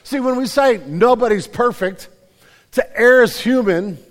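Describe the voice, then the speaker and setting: A man's voice: very high-pitched, unhurried, big-room sound. A man preaching a conversational sermon, self-deprecating, with many repeated starts. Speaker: pastor. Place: church hall.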